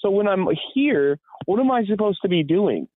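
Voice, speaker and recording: A man voicing a confused elderly woman with dementia in a high, wavering old-lady voice, heard through a tinny, phone-like line. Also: very animated, normal speed.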